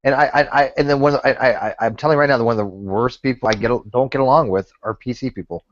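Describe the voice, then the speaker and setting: A man's voice: mid-range voice, quick pace, a little hiss or hum. A man hosting an online hangout, chatting bluntly and swearing freely. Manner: blunt, profane. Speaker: hangout host. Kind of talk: casual chat. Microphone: online video call. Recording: muffled online call audio.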